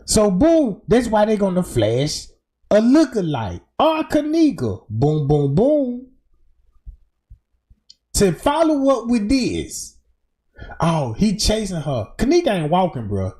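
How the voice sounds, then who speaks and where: A man with a high-sitting voice and a dark tone comments casually on video footage. He uses slang, sounds emphatic and calls attention to things as he goes.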